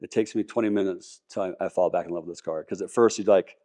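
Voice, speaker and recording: An enthusiastic man with a somewhat low voice, chatting as a podcast guest. He rambles, restarts his sentences and piles on details. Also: fast, dark tone. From Colorado, US. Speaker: podcast guest, car collector. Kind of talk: casual interview talk.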